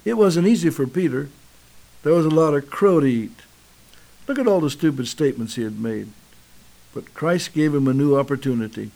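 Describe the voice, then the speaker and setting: A man preaching a sermon on the radio, measured and dramatic, pausing for effect and reading scripture aloud. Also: fairly high pitch, animated, gravelly, mellow.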